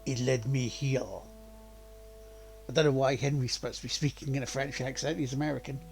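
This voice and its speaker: A man's voice: medium pitch, level tone, fairly quick, soft background music. A man hosting a let's-play stream, chatting and rambling and laughing often while he plays.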